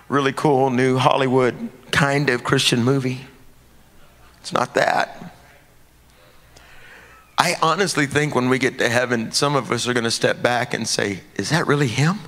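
A man preaching a sermon, swinging from hushed, quiet lines to shouted ones. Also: mid-range voice, in a large hall.

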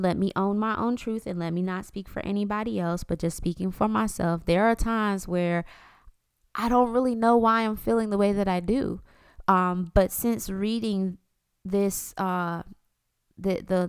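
A woman's voice: mid-range voice, clear, resonant tone, no room sound. Candid woman on a faith podcast. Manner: candid, conversational, acts out her inner voices. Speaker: podcast host. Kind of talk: faith-based podcast talk.

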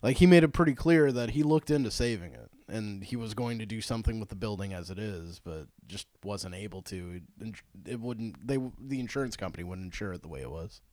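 A man co-hosting a casual podcast chat, joking and laughing often with quick asides. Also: lowish voice, lively intonation, a little mellow, dry recording.

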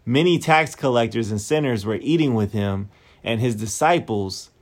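Male preacher, mid-range voice, measured deliberate sermon delivery with repeated lines. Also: mid-range voice. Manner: slow, deliberate, repeats phrases for emphasis.

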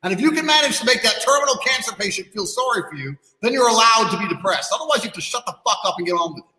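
Loud cocky guy ranting and swearing, high bright voice bouncing all over, echoey room. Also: racing. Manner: brash, profane, bragging, animated. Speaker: guest, kickboxing champion. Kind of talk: blunt podcast rant. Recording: echoey room with long reverb.

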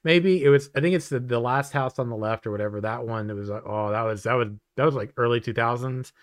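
A man hosting a loose chat, rambling and profane, his speech strung together with "like". His voice is smooth and resonant. It sounds dry and close to the mic. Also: medium pitch, fast, no room sound. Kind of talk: casual chat.

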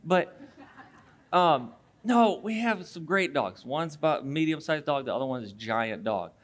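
A man with a notably high voice delivers a sermon as a pastor. He talks casually and conversationally, with restarts, and acts out quick voices as he tells a story. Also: expressive.

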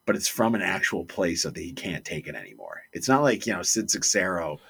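A man's voice: sits low, a little fast, creaky, husky. A man co-hosting a podcast, telling stories in a casual chat and acting out the quotes. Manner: animated, acts out quotes.

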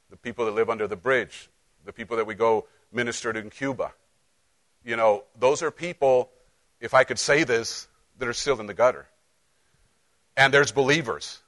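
Passionate male pastor preaching. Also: mid-range voice. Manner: passionate, repeats and restarts, swings from loud to soft. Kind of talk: sermon. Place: church sanctuary.

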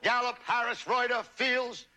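A man's voice: very high voice, level tone, a little slow. A man doing a punchy stand-up comedy monologue, played from an archival TV broadcast. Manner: punchy joke delivery with rising punchlines. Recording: noisy archival TV broadcast with audience. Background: crowd laughter.

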